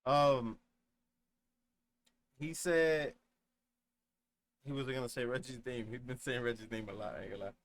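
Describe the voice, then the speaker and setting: A man's voice: medium pitch, fairly even intonation, normal speed, pauses often. A young man streaming a reaction, talking casually in slang and rambling through his thoughts. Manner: reflective, rambling, uses slang.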